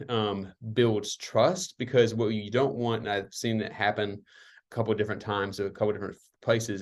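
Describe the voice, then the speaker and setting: Reflective man with a lowish voice. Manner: reflective, with many fillers like um and like. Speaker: community call speaker. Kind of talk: online community call talk. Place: worked at retreat centers.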